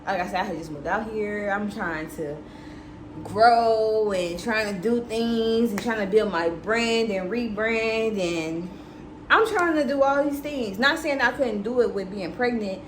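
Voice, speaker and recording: A young woman, a vlogger, shares a frank storytime with her viewers in a casual, chatty way, cursing freely. She has a mid-range voice and an unhurried delivery, recorded in an echoey room with background noise.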